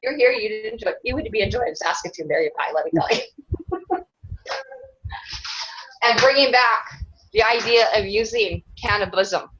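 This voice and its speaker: A woman's voice: medium pitch, moderate pace, long pauses, fairly bright tone, a little hiss or hum. Rambling earnest woman, lo-fi sound. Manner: rambling, earnest, laughs often. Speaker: interviewee, self-described clan mother. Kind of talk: casual interview talk. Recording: dull lo-fi sound.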